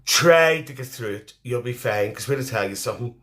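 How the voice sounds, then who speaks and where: A man's voice: medium pitch, normal speed, a bit bright, close to an everyday voice. A man playing a chatty, cheeky middle-aged auntie woman, hosting a live stream on a phone, teasing and mothering the viewers as he reads their comments.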